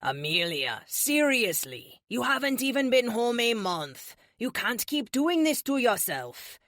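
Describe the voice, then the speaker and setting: A stern male healer, voiced by a woman in an audiobook, lecturing firmly with a lively, rising delivery. The recording is dry and close. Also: on the high side, measured pace, no echo, voice pushed up.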